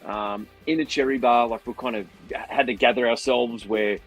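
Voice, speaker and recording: An Australian man, a band musician, telling a long story in a lively, rambling way and acting out what people said. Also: medium pitch, normal speed, soft background music, low-quality recording. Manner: animated, rambling, acts out others' lines. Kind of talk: casual storytelling on a livestream.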